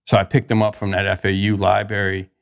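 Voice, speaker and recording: A young man with a lowish, gravelly voice speaks a little fast on a podcast. He tells his recovery story in a casual, slangy, animated way, acting out the lines he quotes.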